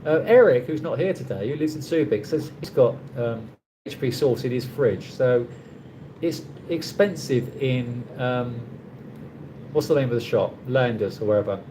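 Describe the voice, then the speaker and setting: Against a noisy background, a middle-aged man with a London accent talks in a mid-range, animated voice at a moderate pace. He hosts a livestream from London, England, chatting casually and reading viewer comments in a rambling way full of restarts.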